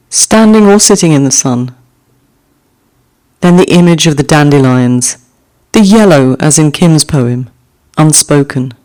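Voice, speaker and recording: A woman hosting a podcast, reading listener haiku and discussing them in a measured way, repeating each poem twice. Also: low-pitched, a little mellow. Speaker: podcast host.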